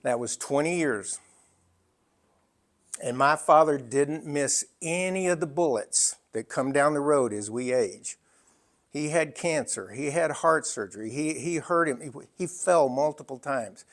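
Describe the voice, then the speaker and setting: A man in his sixties tells a personal story as a speaker. His voice sits fairly high for a man, and he leans on emphatic phrasing broken up by dramatic pauses.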